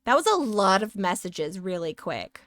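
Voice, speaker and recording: A woman's voice: medium pitch, sing-song, normal speed, fairly bright tone, no room sound. A woman streamer chatting playfully and sassily with her viewers while she draws, giggling often. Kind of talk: casual live-stream chat while drawing.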